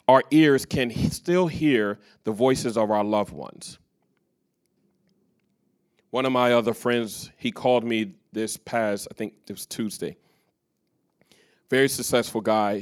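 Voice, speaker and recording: A man preaching a sermon to a live congregation, telling stories full of quoted dialogue. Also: mid-range voice. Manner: storytelling with quoted dialogue, varied loudness. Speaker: pastor. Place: church stage before a live congregation.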